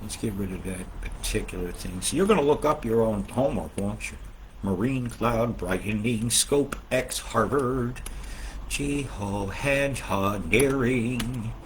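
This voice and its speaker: A man hosting a casual, rambling weather update, swearing often and swinging between loud outbursts and low muttering. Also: a little slow, a little hiss or hum. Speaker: weather video host.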